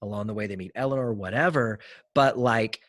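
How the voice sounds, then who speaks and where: A man's voice: lowish voice, fairly quick, fairly bright tone, no echo. A young adult man hosting a podcast, earnestly retelling movie scenes in a casual conversational way. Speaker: podcast host.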